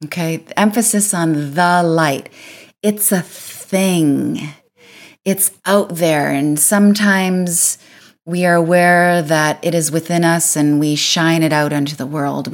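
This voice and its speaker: A woman's voice: low voice, steady tone, takes it slowly. A woman hosting a spiritual podcast, talking in an earnest, playful way and drawing out key words. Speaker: podcast host. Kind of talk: reflective spiritual podcast talk.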